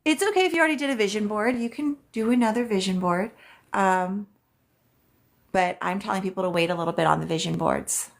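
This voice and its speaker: A woman's voice: medium pitch, brisk, creaky. A woman working as a psychic reader, hosting a casual live stream where she answers viewers' questions in a chatty way, with many "um"s and "like"s.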